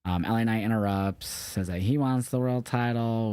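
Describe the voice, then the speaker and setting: A man's voice: on the low side, moderate pace, hardly any pauses, mellow, clear, resonant tone, no room sound. A young man casually recapping a wrestling show, rambling and swearing loosely and correcting himself as he goes. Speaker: podcast co-host.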